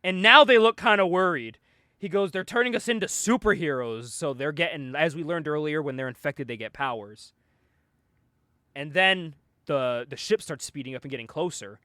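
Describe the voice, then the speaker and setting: A man's voice: on the high side, moderate pace, sharp tone, smooth, dry recording, studio quality. A man casually recapping a comic book, acting out the characters' lines and laughing often. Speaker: podcast host.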